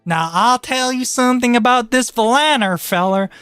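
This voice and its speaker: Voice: mid-range voice, moderate pace, a bit bright, clean tone, no room sound, faint music behind, pitched above the performer's own voice, close to an everyday voice. A voice actor doing a folksy Southern woman who is a star being, with a twangy drawl, as a comedy bit in casual chat. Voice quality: twangy drawl, "yes sirree" folksy phrasing. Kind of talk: comedic improvised voice.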